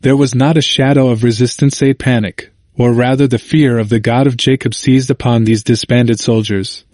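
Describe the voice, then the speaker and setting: A man narrating a history audiobook in a measured, formal manner. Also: medium pitch, steady tone, a little mellow, no room sound, studio quality.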